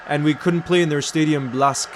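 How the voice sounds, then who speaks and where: A man's voice: a little high, fairly even intonation, moderate pace, a little hiss or hum. Chatty man hosting a football watchalong. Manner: chatty, reads out viewer chat, slips into French phrases. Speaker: host of a live match watchalong stream. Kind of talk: casual live watchalong commentary.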